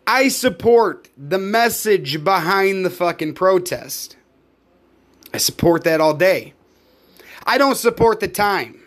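A man's voice: high voice, fairly bright tone. A man, hosting a podcast, ranting alone in a heated and profane way. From United States. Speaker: podcast host; live performer. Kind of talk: angry solo rant.

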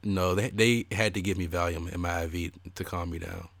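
This young podcast co-host has a low voice with vocal fry and talks fairly quickly, recorded dry. In a casual chat, he tells stories with animation, performing the quotes of others.

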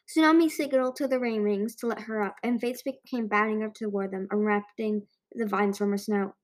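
A woman's voice: mid-range voice, steady tone, fairly quick, few pauses. A woman narrating a children's fantasy book as an amateur audiobook reader, with frequent slips and restarts.

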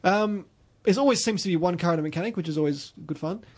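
Fast-talking Australian man telling stories. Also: sits high. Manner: rambling storyteller with many restarts. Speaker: podcast host. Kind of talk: casual chat.

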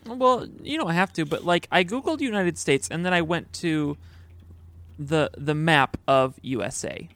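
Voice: medium pitch, expressive, measured pace, fairly bright tone, dry recording. A podcast co-host in casual, rambling chat, full of "like" fillers. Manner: chatty, rambling, many "like" fillers.

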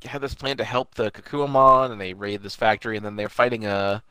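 A man's voice: on the low side, fairly even intonation, a little fast, bright, forceful tone, clear, resonant tone, no echo. A young man co-hosting a podcast, recapping an anime episode in loose, profane casual chat. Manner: loose and profane, acts out characters in bursts. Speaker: podcast co-host.

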